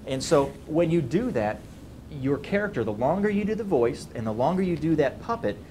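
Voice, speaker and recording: A man with a deep bass voice teaching puppet voices in a casual, demonstrating way. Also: sing-song, brisk, dark tone, a little hiss or hum. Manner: casual, demonstrating, many ums. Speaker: puppetry trainer. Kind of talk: instructional talk.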